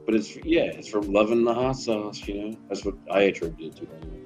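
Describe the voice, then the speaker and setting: A man's voice: lowish voice, quick pace, darkish tone, highs cut off, faint music behind. A middle-aged man from Tennessee, chatting casually and telling rambling, profane stories while out delivering. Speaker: delivery driver streamer. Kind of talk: casual chat while driving.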